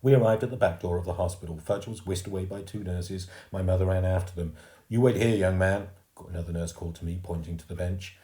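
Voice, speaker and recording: A man reading a children's book aloud as a storyteller, slow and expressive, in a roomy recording. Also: deep voice. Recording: roomy echo.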